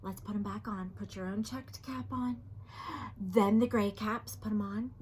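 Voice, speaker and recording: A woman teacher reading a children's storybook aloud, animated, asking the children questions and sometimes dropping to a whisper. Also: medium pitch, measured pace, a little hiss or hum.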